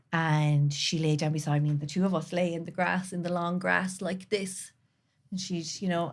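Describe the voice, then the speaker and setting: A woman guest on a podcast, speaking earnestly and from the heart, sometimes dropping to a soft near-whisper. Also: low voice. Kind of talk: candid conversational interview.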